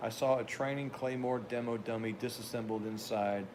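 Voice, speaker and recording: A man's voice: medium pitch, steady tone, moderate pace, noisy background. An older man hosting a podcast, telling a rambling anecdote in a casual way with wry asides. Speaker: podcast host. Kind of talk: casual storytelling.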